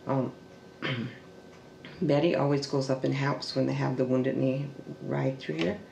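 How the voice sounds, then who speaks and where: Gravelly man telling family history. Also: medium pitch, little pitch movement, darkish tone. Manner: halting, with restarts and trailing fillers. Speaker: family storyteller. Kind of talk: oral history storytelling. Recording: echoey room with faint background noise.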